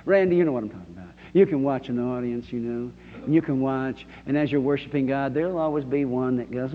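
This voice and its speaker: A man's voice: mid-range voice, quick pace, a little hiss or hum. A man preaching a sermon in a church and leading call-and-response with the congregation, in an emphatic manner. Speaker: pastor. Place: church sanctuary. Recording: dull sound with long hall reverb.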